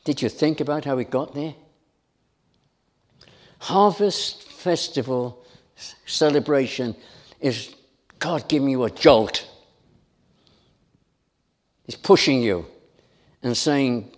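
A man's voice: medium pitch, slow, pauses often. A middle-aged man preaching a sermon, full of emphatic, repeated rhetorical questions.

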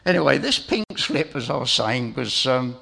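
A man's voice: mid-range voice, sing-song, moderate pace, gravelly, bright, forceful tone. A middle-aged man giving an informal sermon as preacher, telling a family story in a chatty way with asides to his listeners.

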